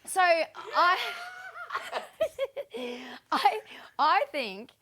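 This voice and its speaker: A woman hosting a casual live-stream chat, telling stories in an animated, laughing way. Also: extremely high pitch, extremely slow, a crowd in the background. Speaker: show host.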